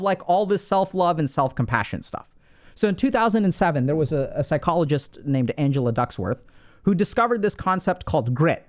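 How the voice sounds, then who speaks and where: A man working as a clinician, giving an educational talk in a conversational, animated way with frequent fillers. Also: high-pitched. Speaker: mental health clinician and host. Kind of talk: educational monologue.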